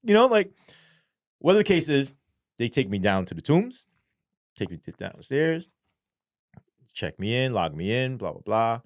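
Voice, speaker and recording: A former police sergeant, a man, telling his story as an interview guest in animated, profane street slang. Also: medium pitch, normal speed, pauses often, no echo, studio quality.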